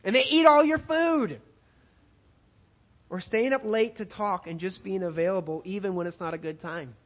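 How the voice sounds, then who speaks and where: High-voiced male pastor preaching. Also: normal speed, lo-fi sound. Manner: preaching with swings between loud emphatic passages and quiet hushed ones. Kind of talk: sermon.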